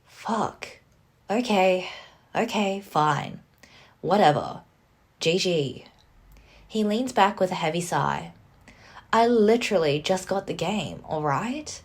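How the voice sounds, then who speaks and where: A woman's voice: lowish voice, lively intonation, slow, long pauses, breathy edge, exaggerated voice. A woman voicing a cocky young man, a trash-talking gamer coworker, with smug, teasing banter. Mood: sulky.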